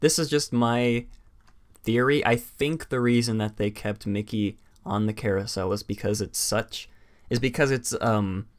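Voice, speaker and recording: A man hosting a live stream, chatting casually in a rambling way full of fillers and quick laughs. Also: mid-range voice. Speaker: stream host.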